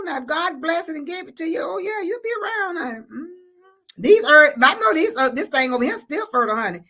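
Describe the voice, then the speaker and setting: A woman's voice: high-pitched, animated, brisk, pushed and bright. A woman hosting a casual livestream chat. She reads out viewer comments, laughs often and calls her viewers honey and baby.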